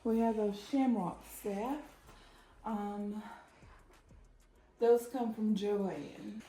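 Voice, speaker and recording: A woman's voice: medium pitch, steady tone, extremely slow, dark tone, soft background music. Chatty woman giving a home decor tour. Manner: chatty, pointing out items as she walks. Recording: echoey room.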